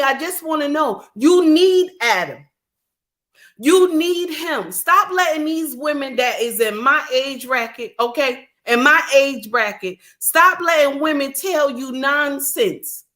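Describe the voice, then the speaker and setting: A woman's voice: high voice, bright, forceful tone. A middle-aged woman, delivering an indignant, preachy ranting monologue full of repetition. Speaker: commentator.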